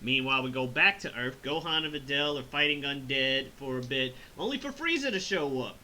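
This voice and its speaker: Bright-voiced, rambling man reviewer. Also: mid-range voice, lively intonation, fairly quick, slight background noise, low-quality recording. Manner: rambling, swearing, laughs often. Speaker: host reviewing an animated film. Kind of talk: casual chat review.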